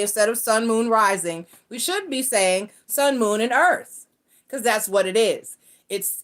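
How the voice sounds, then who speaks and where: A woman's voice: medium pitch, a bit bright. Rambling woman reader. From North Carolina. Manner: rambling, restarts and self-corrections, talks to her cat mid-stream. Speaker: tarot and astrology reader. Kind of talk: casual explanatory chat to viewers.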